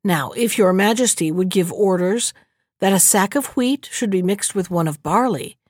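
A woman voicing two discharged soldiers who flatter a king to plot against a boy, in a sly manner. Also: mid-range voice, normal speed, no echo, studio quality, natural voice. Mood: scheming. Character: gruff scheming discharged soldiers, men.

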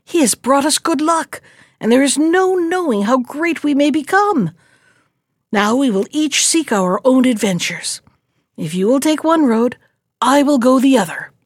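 A kind, hopeful younger brother from a fairy tale, a poor fisherman, voiced by a woman in a gentle, coaxing tone. The pitch sits fairly high and moves expressively. The sound is dry and close to the mic. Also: animated, unhurried, no room sound.

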